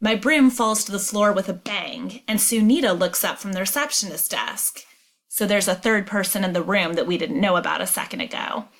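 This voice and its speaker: A woman teacher reading a novel aloud and explaining it, clear and emphatic. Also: mid-range voice, expressive, moderate pace, a bit bright.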